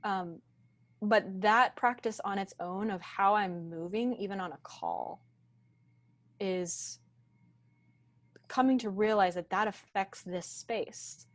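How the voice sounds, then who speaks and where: A woman guest in a podcast interview, speaking slowly and deliberately in a grounded, reflective teaching tone over a video call. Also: mid-range voice. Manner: slow, deliberate, grounded delivery.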